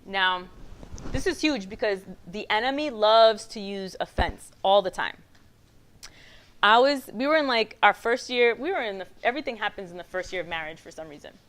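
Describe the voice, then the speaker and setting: A woman giving a talk as guest speaker on a mic, telling stories in an animated way, acting out quotes and laughing. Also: medium pitch, moderate pace. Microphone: handheld mic.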